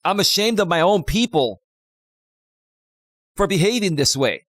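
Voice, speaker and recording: A man's voice: sits high, lively intonation, measured pace, a bit bright, no room sound. A man, a life coach, talking on a live stream in an impassioned, preachy way that repeats points.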